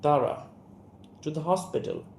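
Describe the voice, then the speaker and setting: A young man with an Indian English accent voicing a sharp, resentful young woman as he reads a play aloud, speaking her name and the stage directions too. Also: a little high, moderate pace, close to an everyday voice. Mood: earnest. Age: young adult. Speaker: student reader. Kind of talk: reading an audio play aloud. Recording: roomy room, faint hiss.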